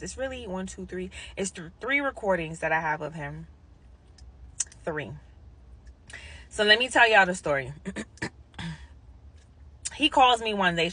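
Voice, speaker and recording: A woman, a hospice nurse, telling a story casually to camera and acting out the quotes with big jumps in pitch and whispers. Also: bright, forceful tone, husky.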